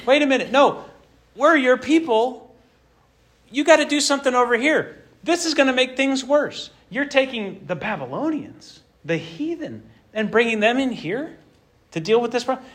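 A man's voice: extremely high pitch, lively intonation, normal speed, fairly bright tone, voice pushed up. A man voicing an indignant male prophet who protests and pleads with God.

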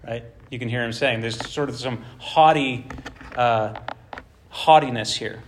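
A man's voice: mid-range voice, measured pace. A man teaching through a Bible passage verse by verse, conversational and checking in with rhetorical questions, repeating key phrases for emphasis.

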